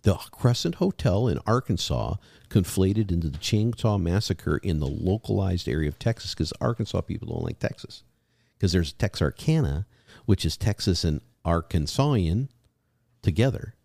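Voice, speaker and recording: A man's voice: low voice, lively intonation, normal speed, creaky, a little mellow, no room sound, studio quality. A man co-hosting a podcast, rambling through pun-filled jokes in casual chat. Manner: punning, rambling wordplay jokes. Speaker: podcast co-host.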